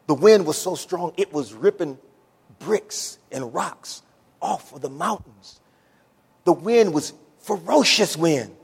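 A man preaching a sermon, swinging from hushed near-whispers to loud shouts. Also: fairly high pitch, expressive, takes it slowly, creaky, slightly rough, in a large hall.

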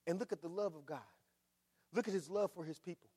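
A middle-aged man preaching a sermon in a church, swinging between shouts and hushed, emphatic lines. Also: sits high, fast, breathy edge. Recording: long reverb of a large hall.

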